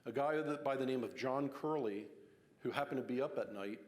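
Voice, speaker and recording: Speaking briskly in a medium-pitched, darkish voice, a man tells a local history story during a casual public talk. He's conversational, with fillers and restarts, and the recording has long hall reverb.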